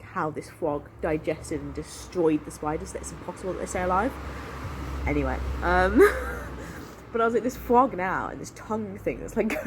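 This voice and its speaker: A woman's voice: fairly low pitch, noisy background. A young woman, telling a long personal story casually and in a rambling way, full of fillers. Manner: rambling, animated, lots of fillers and "I was like". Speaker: vlogger.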